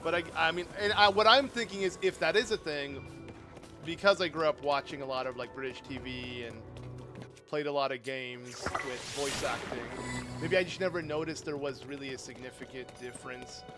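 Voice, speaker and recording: A young man streaming a game, chatting casually and rambling as he answers his viewers, with sudden loud outbursts. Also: mid-range voice, normal speed. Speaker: livestreamer playing a game. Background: game music.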